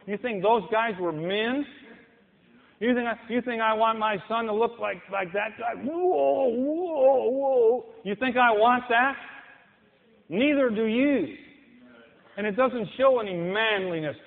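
Delivering an impassioned sermon at a measured pace, a high-voiced man acts out the people he quotes, imitating their voices. It was recorded in an echoey hall with a tinny, phone-like quality.

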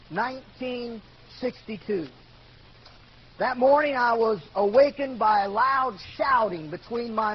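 An older man telling a personal story in a sermon, earnest and building to loud outbursts. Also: very high voice. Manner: earnest storytelling, rises to shouting when quoting. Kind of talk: sermon testimony. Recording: dull lo-fi recording with faint noise.

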